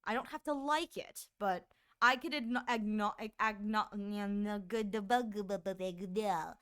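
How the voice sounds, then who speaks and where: A smooth-sounding young woman chats casually on her stream, animated and rambling, repeatedly stammering and restarting as she goes. She says her voice is shrill.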